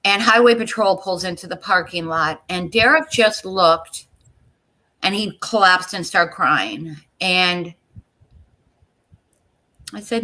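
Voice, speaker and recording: This is a middle-aged woman with a bright, lively tone, speaking as a guest over a video call. She is earnest and a little halting, often repeating words before she gets them out. She turns to address the listeners directly. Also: medium pitch, low-quality recording. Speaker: interview guest. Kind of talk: emotional personal account in an interview.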